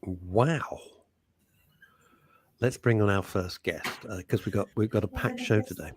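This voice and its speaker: A man's voice: fairly low pitch, unhurried, a crowd in the background. A man hosting a live radio show, rambling and joking as he greets listeners. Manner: rambling, jokey, reads out listener messages. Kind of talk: chatty live radio banter.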